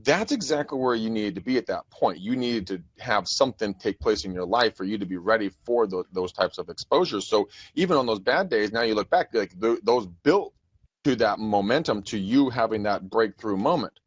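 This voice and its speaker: A man hosting a podcast in casual chat, energetic and rambling. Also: fairly low pitch, normal speed, no room sound, dull audio. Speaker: podcast host.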